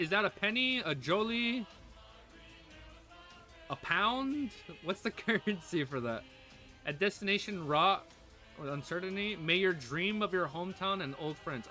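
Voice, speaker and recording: Chatty, excitable male streamer. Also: high-pitched, normal speed, soft background music. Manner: excitable, chatty, talks to viewers and his puppy. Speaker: livestream reaction host. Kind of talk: casual livestream reaction chat.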